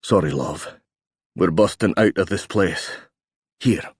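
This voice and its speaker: A deep-voiced romantic hero, low and tender, reassuring in a hushed, intimate way, as a male narrator plays him. The voice sits well below the reader's usual pitch and is spoken softly, recorded dry and close. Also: takes it slowly, breathy edge, no echo, heavily acted. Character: tall rugged man, tender and teasing.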